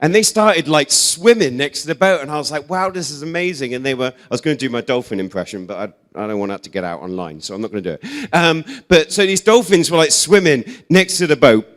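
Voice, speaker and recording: A man's voice: a little high, fast. A young English man preaching in a casual, chatty way. He tells humorous stories with lots of "like" and "um" and pokes fun at himself. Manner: chatty, self-deprecating, animated storyteller with many "like"s and "um"s. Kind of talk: casual storytelling sermon.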